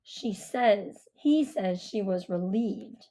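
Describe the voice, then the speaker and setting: A woman voicing a brooding, guarded young man who speaks low, slow and subdued in an audiobook. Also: lively intonation, mellow. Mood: somber.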